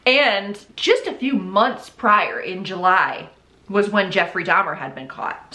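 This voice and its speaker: A woman's voice: fairly low pitch, bright, forceful tone. A woman hosting casual true crime storytelling, blunt and swearing freely, dropping into whispered asides. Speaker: host. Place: home, indoors. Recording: roomy echo.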